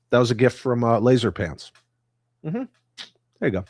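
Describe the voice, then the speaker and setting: A man's voice: mid-range voice, lively intonation, moderate pace, pauses often, darkish tone, no echo, studio quality. A middle-aged man hosting a casual livestream, reading viewer comments and ranting bluntly with lots of profanity. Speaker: livestream host.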